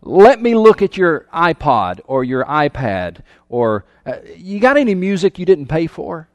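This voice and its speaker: A man's voice: fairly high pitch, very animated, unhurried, dry recording. A man preaching a sermon in a conversational way, asking his listeners questions and often repeating words as he goes. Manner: conversational, asks the audience questions. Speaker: pastor.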